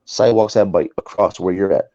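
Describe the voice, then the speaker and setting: Man, talk show guest, casual storyteller, lowish voice, dull lo-fi call sound. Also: fairly quick. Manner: animated, acts out the people in his story.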